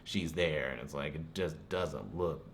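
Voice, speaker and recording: A man's voice: extremely low pitch, a little slow, a little hiss or hum. A man giving a casual, rambling movie review, full of "you know" asides and chuckling now and then.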